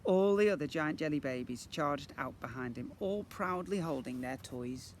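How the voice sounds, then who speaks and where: A man, a primary school teacher, reading a children's book aloud in an expressive way. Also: fairly high pitch, normal speed, a little hiss or hum. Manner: animated, expressive storyteller.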